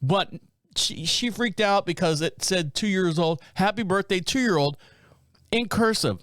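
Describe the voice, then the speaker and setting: A man's voice: sits high, animated, unhurried, fairly bright tone, no room sound, clean studio sound. A man hosting a podcast, reading out a story in a casual, rambling, blunt way with joking asides. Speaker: podcast host.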